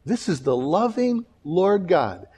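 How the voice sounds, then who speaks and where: Animated man preaching a sermon. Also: high voice, slow pace, slightly rough. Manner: animated storytelling, acts out quoted voices; restarts and repeats words. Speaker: pastor.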